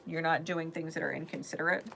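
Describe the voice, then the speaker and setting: A woman giving a spiritual card reading in a blunt, profane manner, swinging between loud emphasis and hushed asides. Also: low voice, steady tone, quick pace, creaky, slight background noise. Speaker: tarot reader.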